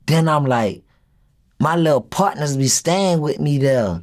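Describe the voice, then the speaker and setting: Animated young man telling a story. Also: a little high, unhurried. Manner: animated retelling, acts out quoted dialogue. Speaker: rapper being interviewed. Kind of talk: casual storytelling interview.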